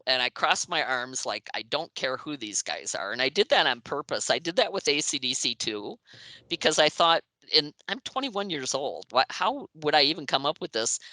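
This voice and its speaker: Bright-voiced woman in her sixties telling stories. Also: rumbling low, no echo, poor audio. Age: 60s. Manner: lively, acts out quoted voices, laughs often. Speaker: interview guest, music writer. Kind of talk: anecdotal storytelling in an interview.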